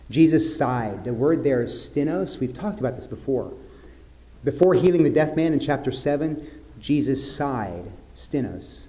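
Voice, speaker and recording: A man preaching a sermon as pastor, in an earnest way that drops to soft, grave tones. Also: medium pitch, expressive, a little slow.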